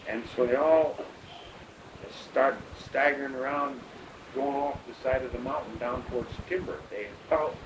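A man spins a long, halting yarn in a casual way, stopping often and raising his voice to play out what others said. His voice sits at an ordinary middle pitch. The recording sounds roomy, with a loud hiss underneath. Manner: rambling, halting with many pauses and fillers. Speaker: storyteller recounting a rescue. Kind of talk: casual oral-history storytelling.

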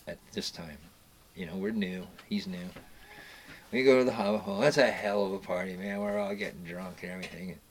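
A man's voice: lowish voice, slight background noise, low-quality recording. A man casually telling a story about a boat party, rambling with restarts and asides. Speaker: storyteller guest.

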